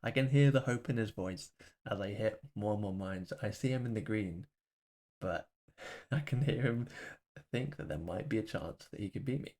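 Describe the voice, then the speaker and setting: A man's voice: on the low side, normal speed, darkish tone. A man doing voice-over commentary on his own game match, candid and self-deprecating as he walks through his mistakes. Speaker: gaming video host.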